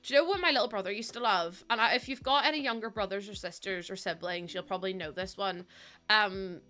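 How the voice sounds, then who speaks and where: A woman's voice: mid-range voice, fast, pushed and bright, faint music behind. A young woman live streaming, chatty and giggly as she greets viewers, sounding sniffly and close to tears. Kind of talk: casual live-stream chat.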